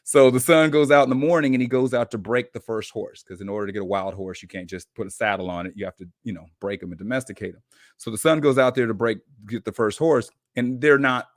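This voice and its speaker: A man on a podcast as a guest coach, telling a story in an animated, informal way. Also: mid-range voice, quick pace, dry recording, clean studio sound. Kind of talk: casual storytelling.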